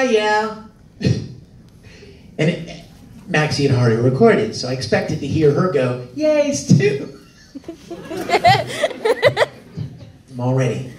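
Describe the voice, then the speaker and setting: Animated man telling stories in an echoey hall. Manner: animated, laughing, acts out quotes in high voices. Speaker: convention panel guest. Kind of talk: storytelling to a live audience. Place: convention panel room. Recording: echoey hall from far off, faint noise.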